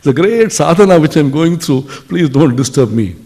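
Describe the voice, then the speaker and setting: A man giving a spiritual lecture, telling stories expressively and dropping to soft tones for emphasis. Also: fairly high pitch, animated, moderate pace.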